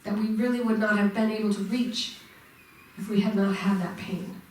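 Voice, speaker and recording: A woman's voice: medium pitch, steady tone, normal speed, slight background noise. Woman, minister, sermon, asks the congregation questions, echoey church, distant mic. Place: church sanctuary.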